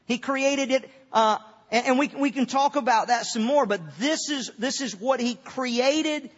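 A man preaching a sermon as a pastor, halting often and repeating words as he goes, in a church sanctuary. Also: very high voice. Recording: dull sound with long hall reverb.

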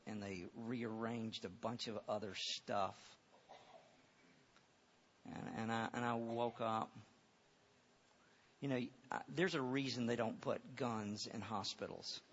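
A man's voice: medium pitch, fairly even intonation, measured pace, slight background noise. A man preaching a sermon and telling a personal story, earnest, often repeating words and restarting. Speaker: pastor. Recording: dull lo-fi recording.

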